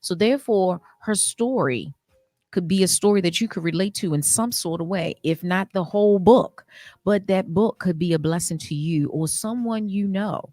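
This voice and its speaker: Woman, radio host, slightly low pitch, encouraging, preacherly, dry sound. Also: moderate pace, mellow, dry recording. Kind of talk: faith-based radio interview.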